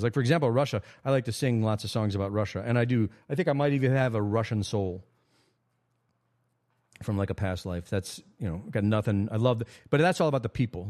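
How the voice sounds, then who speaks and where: A man from America hosting a casual livestream monologue, rambling with frequent restarts and sudden jumps in pitch. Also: darkish tone. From United States. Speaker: host.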